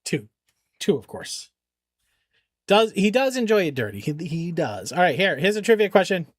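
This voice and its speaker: A man's voice: high-pitched, very animated, normal speed, no room sound, studio quality. Guy streaming games, chatty, swooping voice, keeps talking to his dog. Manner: chatty, talks to his dogs and chat. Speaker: charity game streamer. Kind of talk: casual live-stream chat.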